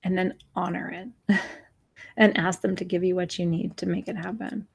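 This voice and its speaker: A woman in her forties speaks with a gravelly edge as a spiritual teacher leading a new moon gathering. She talks with earnest, emotional urgency, pleading with her listeners, now and then acting out gasps and sighs. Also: fairly low pitch, fairly even intonation, moderate pace. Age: 40s. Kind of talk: live-streamed new moon talk.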